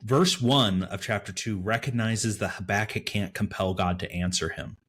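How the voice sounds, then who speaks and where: A man's voice: lowish voice, normal speed, breathy edge. Man co-hosting a Bible study talk. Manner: thoughtful, animated, with fillers. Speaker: podcast co-host. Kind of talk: casual Bible study discussion.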